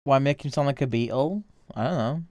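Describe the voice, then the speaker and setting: A man's voice: medium pitch, brisk, a little mellow, no echo. A man chatting casually with viewers on a livestream while he draws, in an easygoing, rambling way.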